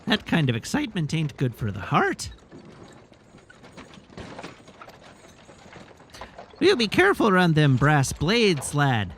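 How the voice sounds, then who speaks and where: A sly, chatty old peddler, put on by a man rambles in a folksy rustic drawl from a video game. The voice runs bright and bouncy, swinging freely up and down as it spins its tale. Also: a little high, huge pitch swings, normal speed, a little hiss or hum. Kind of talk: reading game dialogue in character.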